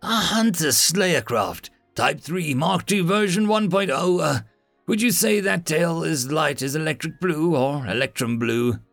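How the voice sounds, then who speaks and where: A man voicing an excitable, pedantic human know-it-all who rattles off details eagerly, in a narrated story. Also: medium pitch, moderate pace, gravelly, no echo, faint music behind.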